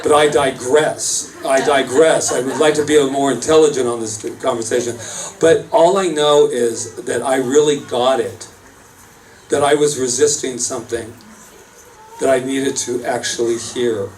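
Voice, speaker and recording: A man's voice: mid-range voice, steady tone, moderate pace. A man who is a minister, giving a casual, rambling sermon full of self-mocking asides. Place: church service space. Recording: distant mic, faint room noise.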